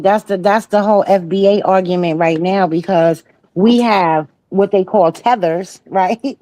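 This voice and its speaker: A woman's voice: medium pitch, mellow, no room sound, poor audio. A woman co-hosting a casual talk show, chatty and laughing as she tells stories and quotes others. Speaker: co-host. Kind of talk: casual commentary chat.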